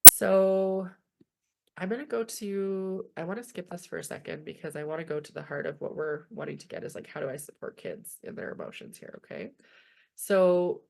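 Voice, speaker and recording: A woman's voice: fairly low pitch, moderate pace, gravelly. A young Canadian woman presenting a webinar from home, talking informally and often checking in with "okay?". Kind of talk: online webinar lecture.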